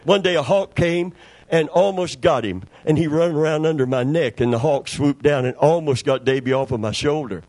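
A man's voice: fairly high pitch, normal speed, a little mellow, dry recording. A middle-aged man preaching a sermon in a folksy, conversational storytelling way, repeating words for emphasis. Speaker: pastor.

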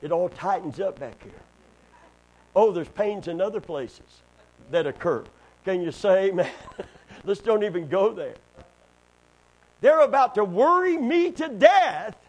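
High-voiced preacher man, swinging loud and soft. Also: lively intonation, measured pace, low-quality recording. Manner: preaching with sudden loud high climbs and quiet low asides. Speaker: pastor. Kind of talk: sermon.

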